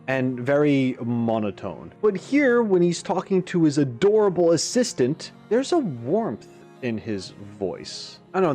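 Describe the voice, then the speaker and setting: Male reaction host, mid-range voice, chatty and musing, light music underneath. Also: mid-range voice. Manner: animated, musing, frequent asides. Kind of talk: casual commentary.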